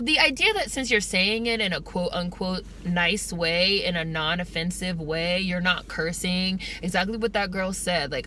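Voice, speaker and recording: Bright-voiced woman ranting in a car. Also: on the low side, slight background noise. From United States. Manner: emphatic, profane, fast-talking. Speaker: vlogger. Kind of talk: car vlog rant.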